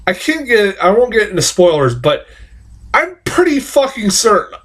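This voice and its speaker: A man's voice: high-pitched, sing-song, normal speed, fairly bright tone. A man giving a casual spoken film review, ranting and swearing in exasperation. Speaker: movie reviewer.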